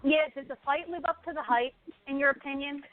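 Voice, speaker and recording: A woman's voice: sits high, brisk. A woman co-hosting a boxing show, giving blunt and opinionated fight takes in casual chat. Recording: tinny phone-like sound.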